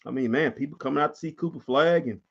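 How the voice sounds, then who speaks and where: A man hosting a casual basketball post-game show, animated and repetitive, laughing often as he runs through stats. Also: on the high side, quick pace, vocal fry, muffled recording. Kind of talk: casual sports chat.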